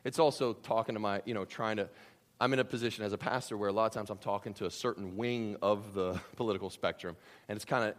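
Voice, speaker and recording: A man's voice: on the low side, steady tone, fast. A pastor speaking casually to his church during a Q and A, joking and throwing in sarcastic asides. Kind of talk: live church Q and A and sermon. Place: church sanctuary.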